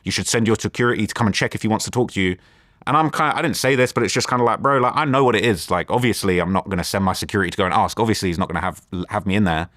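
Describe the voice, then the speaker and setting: London guy rattling off a story in an interview, quick, lowish voice, dry studio sound. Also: no room sound. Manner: rambling, animated retelling with quoted back-and-forth. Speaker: interview guest.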